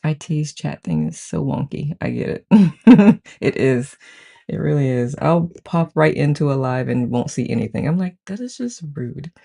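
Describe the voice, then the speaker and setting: Here a book-study group host talks casually on a live stream, reading out the chat with gushing excitement, greeting viewers one by one by name, and saying "I love it" frequently. The mid-range voice is warm, creaky, and animated, at a moderate pace.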